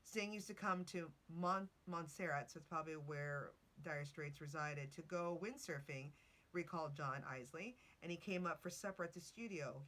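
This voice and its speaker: Podcast host, woman, low voice, chatty with asides and self-corrections. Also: moderate pace, a bit bright. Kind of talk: casual podcast talk, reading notes.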